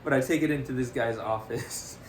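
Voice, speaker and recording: Young dude on a podcast telling stories, keeps laughing, casual and chatty. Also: male voice, medium pitch, a little fast, a little hiss or hum. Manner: animated, laughs often, says "freaking" a lot. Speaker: podcast co-host. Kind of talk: casual storytelling.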